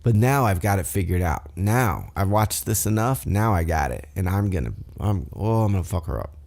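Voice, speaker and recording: A man's voice: deep voice, expressive, normal speed, vocal fry, a little mellow. A man voicing a cocky, catty young woman wrestler in a mocking, snippy way.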